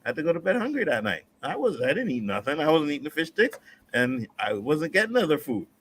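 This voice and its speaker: Profane, animated male panel host. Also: a little high, fast talker, slight background noise. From Nova Scotia, Canada. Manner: profane, animated, acts out quotes. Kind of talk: casual panel discussion.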